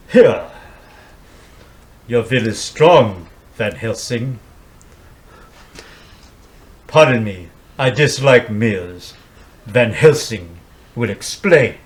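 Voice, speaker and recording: A man doing an impression of a suave old-world male vampire count, speaking in slow, drawn-out, theatrical phrases. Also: mid-range voice, voice pushed down.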